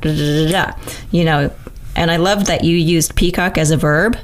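Low voiced songwriter lady in an interview, salty and candid, laughs a lot. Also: fairly even intonation, normal speed, a little hiss or hum. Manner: candid and profane, laughs often, talks through ideas aloud. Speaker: singer-songwriter guest. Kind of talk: casual interview chat.

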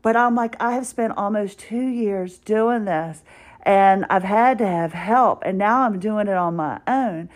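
A woman talking casually into her podcast mic, telling a long personal story. She acts out both sides of each conversation with a dry, wry humor and keeps a middle pitch. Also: measured pace. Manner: chatty, wry, retells dialogue with "I said". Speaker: podcast host. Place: at home, doing exercises while talking.

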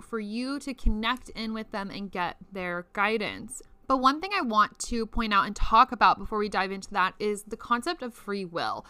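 A young woman talks through spiritual practice like a chat with friends. Her voice is bright and crisp, sitting in a dry, close space. She drops casual swears, fills her talk with "like," and breaks into laughs often. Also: on the high side, no echo. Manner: chatty, swears freely, laughs often, many "like" fillers. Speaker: spiritual teacher.

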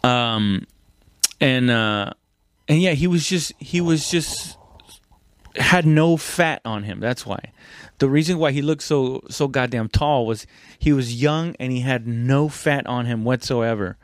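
A man's voice: mid-range voice, a little slow, dry recording. A young man casually telling a story about fighting, rambling and profane, with lots of restarts and fillers.

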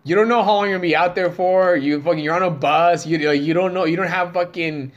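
A man's voice: sits high, fairly even intonation, fast talker, dull audio. A man in his thirties, a comedian guest telling a story in casual chat, profane and rambling with many fillers.

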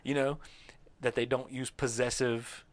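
A man's voice: mid-range voice, flat delivery, measured pace. A man co-hosting a podcast in casual chat, rambling and leaning on "like" fillers. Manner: rambling, heavy use of "like" fillers. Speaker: podcast co-host.

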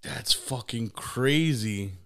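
A man's voice: mid-range voice, slow pace, a bit bright. A man hosting a podcast, laid-back and casual, who swears freely as he chats with his guest. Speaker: podcast host.

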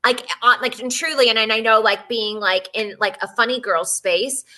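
A woman's voice: on the high side, steady tone, moderate pace, pushed and bright. A woman chatting on a casual podcast, gossipy and rambling with many fillers. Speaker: podcast guest. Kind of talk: casual chat.

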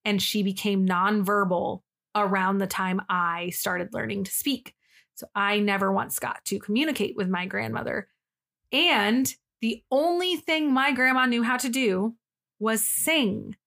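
A woman's voice: mid-range voice, unhurried, vocal fry, a bit bright. A young woman co-hosting a casual podcast, chatty and emotional, swearing freely as she tells a personal story. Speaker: podcast co-host. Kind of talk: casual chat.

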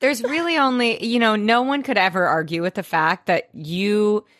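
A woman co-hosting a podcast, recapping a TV episode in casual chat, animated and swearing freely as she acts out lines. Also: medium pitch, normal speed, no echo, studio quality. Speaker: podcast co-host.

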